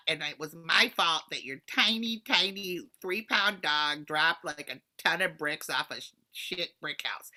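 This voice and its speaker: Casting: woman as scatterbrained fifty-something neighbor, bright lively high voice, emphatic. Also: full character voice. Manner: emphatic, scattered, swoops up in pitch. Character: brash 58-year-old woman neighbor Karen, scheming and flighty. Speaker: improv performer. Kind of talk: improvised comedy scene.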